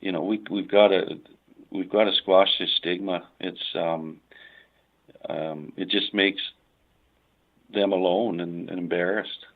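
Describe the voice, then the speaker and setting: A middle-aged man from Canada tells a personal story in conversation, halting with many fillers and restarts. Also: low voice, steady tone. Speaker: guest. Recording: tinny phone-like line.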